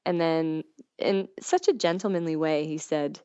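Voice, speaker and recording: Giggly woman telling stories, low voice. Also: steady tone, moderate pace, dark tone, smooth, no room sound, lo-fi sound. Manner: giggly storytelling, acts out quoted dialogue. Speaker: podcast guest. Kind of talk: candid casual chat.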